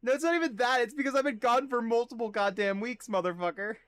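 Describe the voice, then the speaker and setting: A man's voice: extremely high pitch, fairly bright tone, no room sound. A man streaming a video game, chatting casually and profanely with his viewers and joking at his own expense. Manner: profane, self-mocking, quick asides to chat. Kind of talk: casual game livestream chat.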